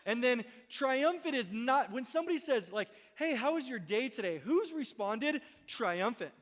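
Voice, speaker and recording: High-voiced pastor in a reverberant hall. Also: male voice, expressive, normal speed, fairly bright tone. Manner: conversational, self-deprecating, keeps asking "right?". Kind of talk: Christmas Eve sermon. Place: church sanctuary.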